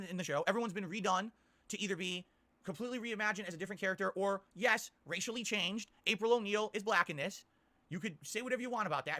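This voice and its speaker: Complaining man with a high, bright voice. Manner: complaining, insistent, keeps asking "okay?". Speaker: streamer. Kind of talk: ranting stream commentary.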